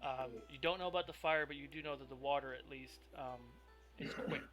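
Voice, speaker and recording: A man's voice: mid-range voice, brisk, a bit bright, soft background music. A man narrating as game master of a tabletop role-play, rambling with lots of ums and restarts. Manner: rambling, filler-heavy, self-interrupting.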